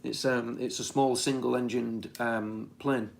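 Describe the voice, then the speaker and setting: A man's voice: medium pitch, level tone, takes it slowly, vocal fry. A man from Britain in casual chat, reading back notes from a session in a conversational way. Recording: faint background noise.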